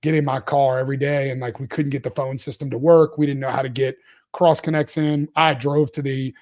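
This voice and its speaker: A man in his forties tells his story in a relaxed interview. His voice sits at a middling pitch, and he rambles with restarts, breaks into laughs and keeps up an animated run of talk. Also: brisk. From Louisiana, US. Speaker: CEO guest.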